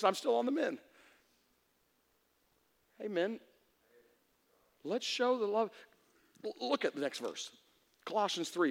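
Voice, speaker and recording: A man preaching a sermon as pastor, animated, acting out voices and shouting for emphasis. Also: sits high. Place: church sanctuary. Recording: echoey hall reverb.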